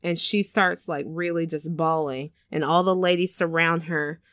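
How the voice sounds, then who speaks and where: A woman's voice: deep voice, fairly even intonation, moderate pace, fairly bright tone, dry recording, clean studio sound. A woman telling a story in casual chat, talking loosely with plenty of filler words and acting out the scenes she describes. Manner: chatty storyteller, many "like"s, acts out scenes. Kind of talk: casual chat recapping a film.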